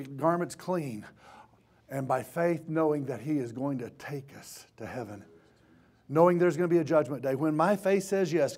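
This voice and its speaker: A man preaching a sermon in a church, swinging from impassioned shouting to hushed tones. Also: on the high side. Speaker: pastor.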